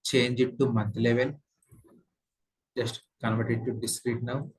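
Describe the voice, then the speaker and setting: Male trainer, Indian English accent, mid-pitched husky voice, patient step-by-step tutorial delivery with fillers. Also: level tone, a little slow, poor audio. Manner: explains step by step with many fillers and repeats. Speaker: software trainer. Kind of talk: screen-share tutorial lesson.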